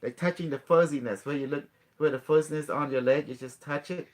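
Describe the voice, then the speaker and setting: A man's voice: on the high side, a little fast. A man hosting a casual talk, coaching his guest step by step with frequent laughs and broken grammar. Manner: instructive, coaxing, laughs often, non-native grammar. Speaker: host teaching a guest. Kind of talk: casual guided demonstration.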